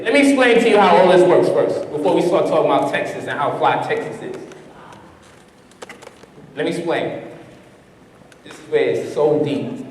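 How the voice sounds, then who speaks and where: High-voiced guy teaching a seminar, laughs a lot, asks the crowd stuff, far off mic in a big echoey hall. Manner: lively, laughing, asks the room questions. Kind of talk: live seminar talk. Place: seminar room with an audience. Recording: distant echoey hall, faint noise.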